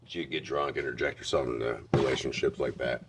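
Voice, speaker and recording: A man's voice: very deep voice, fairly even intonation, brisk, heavy background noise. A man telling candid personal stories in a blunt, heavily profane way. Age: adult. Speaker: vlogger.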